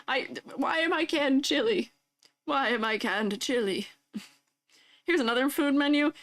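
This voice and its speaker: A young woman's voice sitting a little above the usual range, bubbly and quick to giggle. She chats casually with viewers on a live stream, teasing and reacting playfully to fan art. The talk is loose and spontaneous. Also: fairly high pitch.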